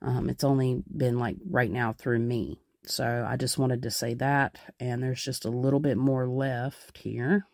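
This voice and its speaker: Gravelly woman podcast host, rambling. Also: a bass voice, fairly even intonation, a little slow, few pauses, darkish tone, no room sound, studio quality. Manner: rambling, many fillers and restarts. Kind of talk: casual podcast narration.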